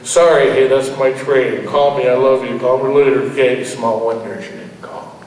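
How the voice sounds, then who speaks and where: A man reading his own fiction aloud at a live event, lifting his pitch for the characters' dialogue. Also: fairly even intonation, normal speed, a little mellow, slight background noise. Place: large ballroom. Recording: echoey hall from far off.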